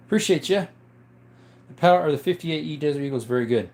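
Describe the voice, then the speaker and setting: A man's voice: fairly high pitch, expressive, fast, darkish tone. A young man hosting a casual livestream, reading chat and greeting viewers by name in a chatty, upbeat way.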